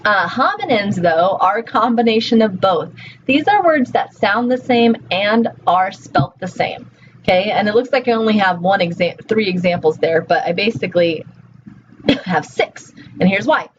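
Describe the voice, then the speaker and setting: A woman's voice: mid-range voice, lively intonation, normal speed. A woman lecturer giving a recorded class, explaining step by step and asking her students questions. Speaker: college lecturer. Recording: dull lo-fi audio with faint hiss.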